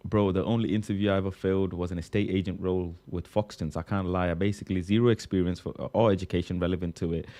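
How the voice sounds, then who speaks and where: A young man from Bangladesh with a British accent, doing a slangy comic monologue with bursts of laughter. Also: deep voice. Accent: British English. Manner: animated, slangy, keeps saying bro, bursts of laughter. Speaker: comedian.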